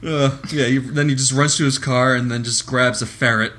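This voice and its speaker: Casual movie-podcast host, easygoing guy, chuckles through his recap, mid-pitched. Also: fairly even intonation, moderate pace, a bit bright, a little hiss or hum. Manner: laughs a lot, swears casually. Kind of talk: casual chat.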